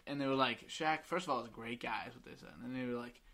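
A man's voice: mid-range voice, very fast, bright, forceful tone. Young man rambling through stories. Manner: rambling storyteller acting out friends' lines. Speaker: podcast host. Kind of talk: casual chat.

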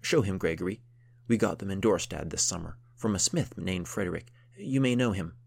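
A man's voice: low voice, expressive, brisk, vocal fry, husky, full character voice. A man voicing an anxious, deferential farmer father who speaks hesitantly and courteously. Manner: hesitant, courteous, eager to please.

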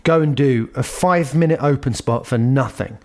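A man, a comedian telling lively anecdotes with laughs in a casual interview. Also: medium pitch, moderate pace. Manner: animated, anecdotal, laughs while telling stories. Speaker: guest comedian.

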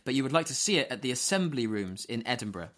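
A man's voice: medium pitch, big pitch swings, quick pace, fairly bright tone. A man co-hosting a podcast, reading a playful recap and tour dates in an upbeat way. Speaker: podcast co-host. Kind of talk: casual chat, reading a recap.

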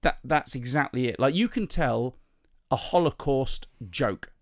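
A man's voice: mid-range voice, lively intonation, unhurried, no echo, clean studio sound. A male comedian hosting a podcast, telling chatty, self-mocking anecdotes in a casual voice with plenty of ums and restarts. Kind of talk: casual storytelling chat.

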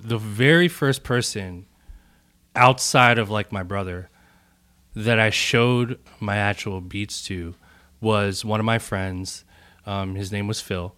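Low, relaxed man in his thirties; podcast guest telling stories, drifting quiet at phrase ends. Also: slow. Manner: laid-back, trailing off into a soft low voice, frequent "like". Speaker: music producer guest. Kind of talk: casual storytelling in a podcast conversation.

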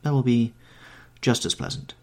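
A man's voice: mid-range voice, steady tone, normal speed, darkish tone, pitched above the performer's own voice, natural voice. A man voicing a charming, guarded young man in a storybook reading, with a lighter, evasive delivery. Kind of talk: audiobook character reading.

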